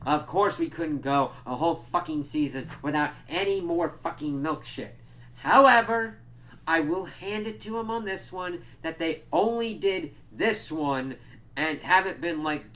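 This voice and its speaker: A man of middling pitch gives a loose, swear-filled recap of a TV episode. He is animated and scornful, dropping into quick mocking impressions of the characters. A faint hum sits under the recording. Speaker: TV episode reviewer. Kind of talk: casual profane recap and review.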